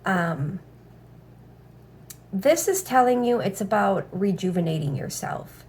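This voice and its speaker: A tarot reader with a mid-range, darkish voice sounds animated yet takes things slowly, with slight background noise present. She reads casually, bluntly, and with plenty of cursing, repeating "all right" often.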